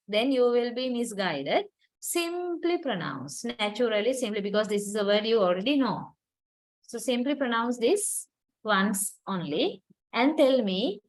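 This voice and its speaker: Patient woman lecturer, fairly high voice. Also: poor audio. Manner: explains patiently, questions students, many fillers. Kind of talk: university lecture.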